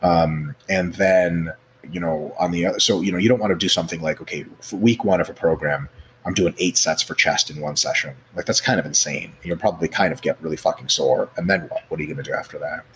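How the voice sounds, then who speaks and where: Fast-talking low-voiced man explaining. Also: slight background noise. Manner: profane, animated, acts out scenarios; many fillers like "like" and "you know". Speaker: guest expert. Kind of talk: casual explanatory chat.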